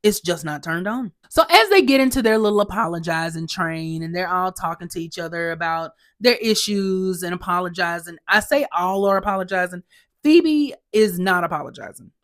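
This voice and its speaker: A woman hosting a podcast, giving a sassy, exasperated, animated recap of a TV episode. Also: on the low side, normal speed. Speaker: podcast host.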